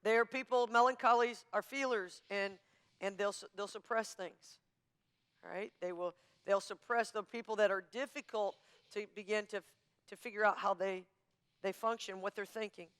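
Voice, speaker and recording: A woman pastor teaching a marriage class in an emphatic, forceful, coach-like manner. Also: mid-range voice, steady tone, moderate pace, clean tone. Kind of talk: sermon-style teaching.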